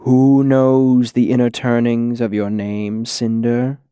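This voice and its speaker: A man voicing a cool, patient, menacing shadowy lord who speaks softly and with careful measure. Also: medium pitch, takes it slowly, dry recording. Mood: cold, patient.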